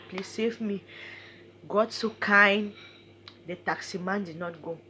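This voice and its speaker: A woman's voice: on the low side, slight background noise. A young woman with a Cameroonian English accent, telling her own story in an emotional vlog with quoted dialogue. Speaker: vlogger.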